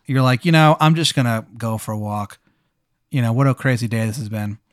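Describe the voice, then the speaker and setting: A man telling a rambling, deadpan improvised story, full of fillers. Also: mid-range voice, fairly quick, no echo, clean studio sound.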